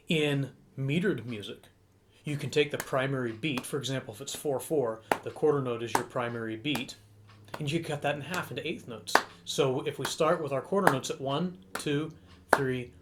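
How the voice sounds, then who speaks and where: A man's voice: medium pitch, moderate pace, heavy background noise. An American man, a young adult music director, teaching a lesson that explains and counts rhythms aloud as he demonstrates conducting.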